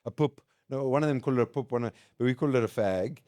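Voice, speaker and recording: This podcast guest is a South African man in his late thirties who talks very fast in a mid-range voice, telling animated school anecdotes and laughing frequently in a casual conversation. His accent is South African English. There's no room sound, and the audio is studio quality.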